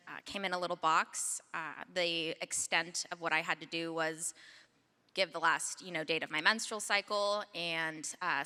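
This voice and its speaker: A woman's voice: on the low side, pushed and bright, big-room sound. A young woman guest speaker giving an earnest, emotional personal testimony on stage, with light laughs between lines.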